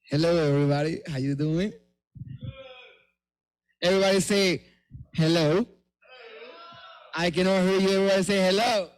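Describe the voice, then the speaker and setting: High-voiced man working the crowd. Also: fairly even intonation, a little fast, long pauses, clean tone, poor audio. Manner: crowd-prompting, call-and-response. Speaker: musical performer. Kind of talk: stage banter with the crowd.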